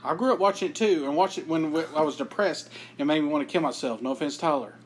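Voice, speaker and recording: A British man co-hosting a casual podcast, throwing in quick crude comebacks, swearing, laughing, and sometimes stalling on fillers. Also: a little high. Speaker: podcast co-host. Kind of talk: casual joke-trading chat.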